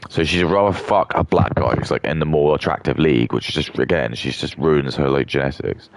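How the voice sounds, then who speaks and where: A man's voice: rumbling low, fairly quick, no room sound. A young man rambling through a contemptuous rant as a streamer. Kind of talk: ranting casual monologue.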